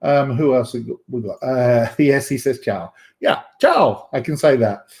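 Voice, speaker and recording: A man's voice: medium pitch, moderate pace, dark tone. A man hosting a live stream in a casual, rambling way, full of fillers and restarts, joking and greeting viewers by name. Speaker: livestream host.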